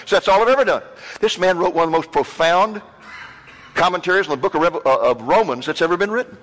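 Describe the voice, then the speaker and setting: A man preaching a storytelling sermon, animated, repeating words for emphasis. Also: high-pitched, fast talker. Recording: long hall reverb.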